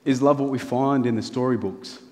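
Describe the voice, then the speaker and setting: Man preaching, earnest, rhetorical questions, mid-pitched voice, long hall reverb. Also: fairly quick, a little mellow. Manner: earnest, building through rhetorical lists and questions. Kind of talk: sermon. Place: church hall.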